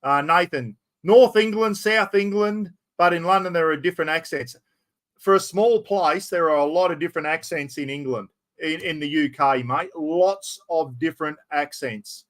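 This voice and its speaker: A livestream host with a North Queensland Australian accent talks in a loose, rambling way, full of slang. His voice sits a little on the high side for a man. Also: moderate pace, fairly bright tone. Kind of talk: casual chat.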